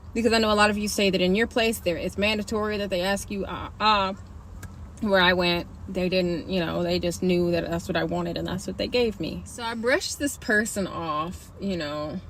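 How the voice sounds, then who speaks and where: A woman's voice: mid-range voice, a little hiss or hum. Candid woman telling a personal story. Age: young adult. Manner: candid, animated, slangy storytelling. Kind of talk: casual storytelling to camera.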